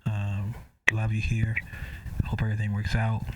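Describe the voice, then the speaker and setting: A man's voice: fairly low pitch, monotone, moderate pace. A man hosting a podcast in casual chat, laid-back and talking straight to his listeners. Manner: laid-back, conversational, speaking to listeners directly. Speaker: podcast host. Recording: slightly distant mic with faint noise.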